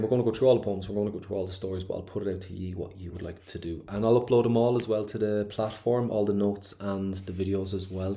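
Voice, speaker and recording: A man's voice: sits low, warm tone. A man with an Irish accent teaching an online exam-prep class, chatty and enthusiastic, acting out quoted lines as he goes.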